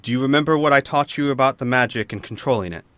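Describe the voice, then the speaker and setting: A man voicing a calm, measured male mage who speaks slowly and quietly in a tabletop game. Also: medium pitch, no echo, lightly acted. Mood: grave.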